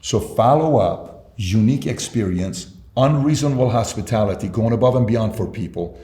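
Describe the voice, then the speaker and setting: A man's voice: medium pitch, moderate pace, dark tone. A man being interviewed as a guest entrepreneur, telling stories and acting out both sides of conversations. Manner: acts out both sides of dialogues. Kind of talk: storytelling interview talk. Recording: roomy echo.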